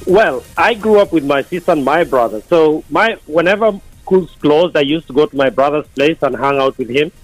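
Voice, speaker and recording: A man calling in to a radio show, telling a story from his childhood in a rushed, plain way. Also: fairly high pitch, animated, no echo, faint music behind, rough recording. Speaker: caller. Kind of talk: phone-in chat.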